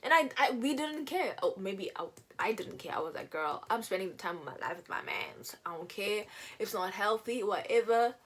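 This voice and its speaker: A young woman casually telling a personal story while doing her makeup, chatty and animated, acting out what people said. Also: mid-range voice, normal speed, slightly rough, low-quality recording. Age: young adult. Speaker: beauty vlogger.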